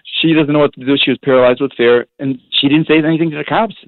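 A man, a priest, telling stories in a rambling, animated way with many restarts, heard over a phone line. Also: a little high, fast, no room sound. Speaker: priest, guest. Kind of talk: casual storytelling on a phone-in show. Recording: tinny phone line, dry.

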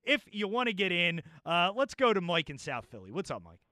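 Animated, bright-voiced male radio host. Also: sits high, a little fast, no echo, studio quality. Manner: casual, chatty, stumbles and repeats words. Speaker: radio talk show host. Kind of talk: call-in sports talk radio. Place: radio studio. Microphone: studio microphone.

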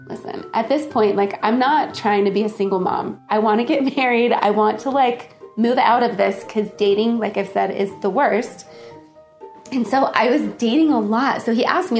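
A woman casually telling a personal story, laughing often and acting out the dialogue in lively voices. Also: a little high, normal speed, faint music behind.

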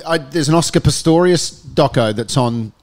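A man's voice: a little high, moderate pace. An Australian man co-hosting a casual sports chat, telling anecdotes and laughing along. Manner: chatty, laughs through his anecdotes. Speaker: podcast co-host.

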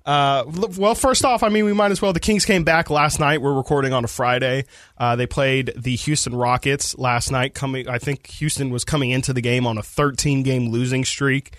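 A man's voice: mid-range voice, steady tone, normal speed, fairly bright tone, no echo. A young man hosting a casual sports podcast in a radio studio, talking in a laid-back, rambling way with lots of fillers. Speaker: podcast host.

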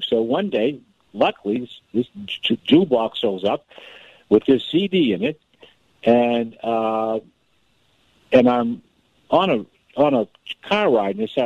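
Gravelly, animated male storyteller. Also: mid-range voice, moderate pace, dry recording. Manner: animated, restarts often, storyteller. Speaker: author and guest. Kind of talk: casual radio interview storytelling. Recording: dull, slightly lo-fi radio sound.

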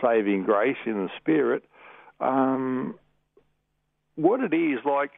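An Australian man calling in to a radio show, talking in a friendly, rambling, halting way. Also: mid-range voice, animated, vocal fry, no room sound. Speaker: caller. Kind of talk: call-in radio talk. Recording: tinny phone line.

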